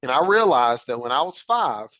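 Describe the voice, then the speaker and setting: Man, podcast host, earnest reflective storytelling, bright tone, dry close sound. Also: mid-range voice, big pitch swings, moderate pace, no echo, lo-fi sound. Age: adult father. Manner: earnest, reflective, frequent "right?" check-ins. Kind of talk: personal storytelling.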